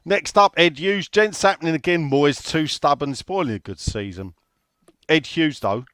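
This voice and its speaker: A man's voice: a little high, moderate pace, fairly bright tone, no room sound, studio quality. A man hosting a casual football chat, reading out listener questions in a blunt, sweary way.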